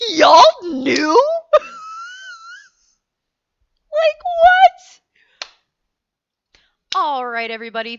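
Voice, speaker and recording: A young woman hosting and telling a story in a casual, animated way, laughing often and swearing freely. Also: mid-range voice, smooth, dry recording. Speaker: host. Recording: dull lo-fi recording with faint music.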